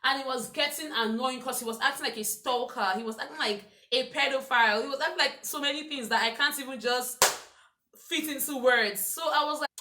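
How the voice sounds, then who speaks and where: A young woman vlogger telling a story in a casual, exasperated, animated way. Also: high-pitched, fairly quick, roomy sound, heavy background noise. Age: young adult. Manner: animated, exasperated retelling with quoted voices.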